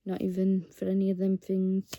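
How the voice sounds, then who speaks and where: A woman's voice: mid-range voice, monotone, moderate pace, dark tone. A woman vlogging to camera in a casual, rambling way, earnest and encouraging toward her viewers.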